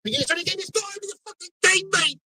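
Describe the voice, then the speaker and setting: A man rants angrily through a live football watch-along, swearing at every turn. His voice sits high and sounds sharp and bright. The sound is dry and close. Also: fast talker, no echo, poor audio. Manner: angry, swearing rant. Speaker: football fan streamer.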